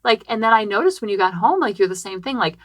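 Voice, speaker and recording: A woman in her thirties hosting a parenting podcast from a small closet, telling a personal story in an animated, chatty way and acting out quotes, with many "like" fillers. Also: medium pitch, fast, dry recording. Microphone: podcast microphone.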